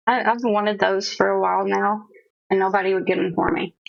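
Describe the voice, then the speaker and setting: A woman's voice: mid-range voice, little pitch movement, moderate pace, creaky, dry recording. A woman streamer chatting casually with her viewers, self-mocking and a bit nervous, laughing often. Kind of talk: casual chat with live chat. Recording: dull lo-fi stream audio.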